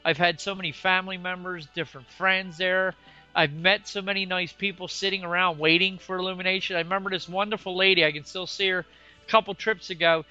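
A man's voice: high-pitched, fairly even intonation, a little fast, pushed and bright, muffled recording, soft background music. A man co-hosting a podcast, chatting casually in a folksy, enthusiastic way. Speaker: podcast co-host. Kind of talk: casual chat.

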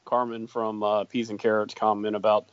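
A man's voice: fairly low pitch, little pitch movement, moderate pace, clean tone, dry recording. A man co-hosting a casual podcast, easygoing and hesitant, often chuckling. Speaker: podcast co-host. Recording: dry, dull lo-fi sound.

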